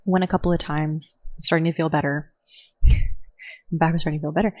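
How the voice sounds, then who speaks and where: Chatty woman, low voice. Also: fairly even intonation, moderate pace, darkish tone. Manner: chatty storyteller, many "like" fillers. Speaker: podcast co-host. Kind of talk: casual chat.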